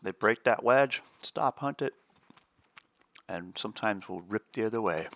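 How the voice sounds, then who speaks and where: A man's voice: fairly low pitch, lively intonation, a little slow, fairly bright tone. A man co-hosting a live day trading stream, chatting casually and chuckling as he explains chart setups.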